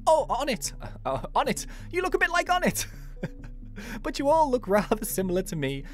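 A woman voicing an elderly, fussy, motherly female spirit bear in a put-on Irish accent, reading game dialogue aloud in a high, fluttery voice and calling the player dear. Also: wildly swooping pitch, moderate pace, soft background music. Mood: fussy, doting.

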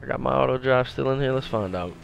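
Low raspy-edged guy chatting slang over his game, laid back, bit of faint hiss behind. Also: fast talker. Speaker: gameplay commentator. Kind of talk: casual gameplay commentary.

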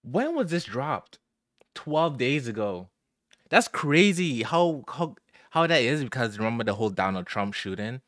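A man's voice: mid-range voice, big pitch swings, measured pace, a bit bright, dry recording, studio quality. A young man hosting a music reaction, talking in casual slang and exclaiming in surprise as he listens. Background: song playing.

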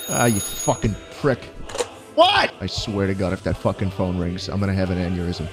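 A man giving profane, excitable let's-play commentary, often yelping and laughing. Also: low-pitched, normal speed, music in the background. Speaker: gaming YouTuber.

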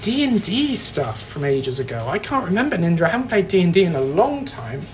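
A British man hosts a casual baking livestream, joking, self-deprecating, and rambling as he chats with viewers. His high voice has a sing-song lilt and moves fairly quickly, with a little hiss or hum audible.

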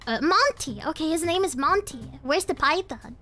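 Giggly, bright young woman streaming. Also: high voice, animated, moderate pace, faint music behind. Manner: giggly, playful, slangy. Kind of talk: live game stream commentary.

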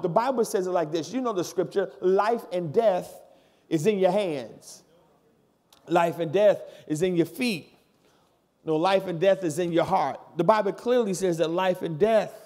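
A man's voice: sits high, darkish tone. A pastor in his thirties preaching a sermon to his congregation in church, building from plain talk into hollering. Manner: talks straight to the congregation.

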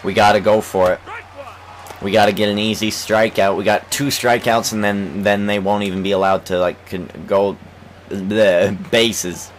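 A young man giving let's play commentary on a baseball game, swearing and shouting in frustration at his team. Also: lowish voice, flat delivery, moderate pace, a little hiss or hum, rough recording. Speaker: gaming channel host.

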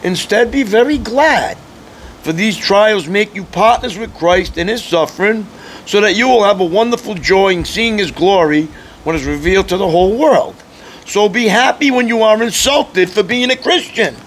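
A man preaching a sermon in a conversational, teasing way, often clearing his throat. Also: sits high, normal speed, a little hiss or hum. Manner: conversational preaching with mocking quoted voices. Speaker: pastor.

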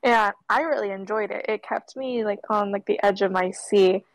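Brief: young female podcast co-host, hesitant and soft-spoken, dry close sound. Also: medium pitch, moderate pace, dry recording, poor audio. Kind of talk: casual film discussion.

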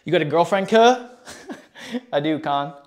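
A man's voice: on the high side, expressive, a little slow, a little mellow. An out-of-breath man live-streaming a workout, chatting with viewers in a hyped, slangy way while exercising. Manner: hyped, slangy, reads chat aloud. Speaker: fitness streamer.

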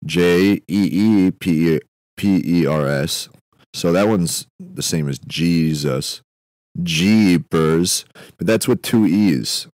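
A young man with a very deep, low voice drifts through a comedic podcast monologue, musing and doubling back on himself in a deadpan way. The sound is close and dry, with no room around it. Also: takes it slowly, dry recording. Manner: meandering, self-interrupting, deadpan musing with frequent fillers. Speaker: podcast host.

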